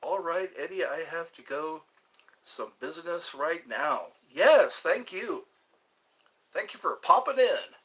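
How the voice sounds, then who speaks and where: A man running a casual live stream, playful and jokey as he answers viewers' questions. His voice sits a bit high and sounds bright and husky, with a lively, swooping pitch. He takes his time with each phrase. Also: slow.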